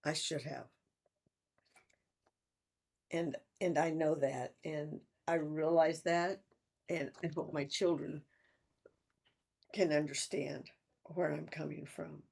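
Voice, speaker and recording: An older woman in a personal vlog, talking in a halting, reflective way with sighs and restarts. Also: deep voice, steady tone, gravelly, a little mellow, husky. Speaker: vlogger.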